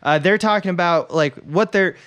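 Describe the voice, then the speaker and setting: Eager podcast guy, a bit higher voice, smooth, laughing as he talks movies. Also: moderate pace, a bit bright. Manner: enthusiastic, laughs often, quotes lines playfully. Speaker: podcast co-host. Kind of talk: casual film discussion.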